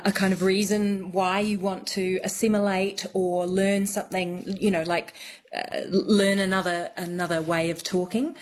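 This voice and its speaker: A woman's voice: mid-range voice, a little mellow. A woman who is a studio guest on a radio show, explaining thoughtfully with fillers.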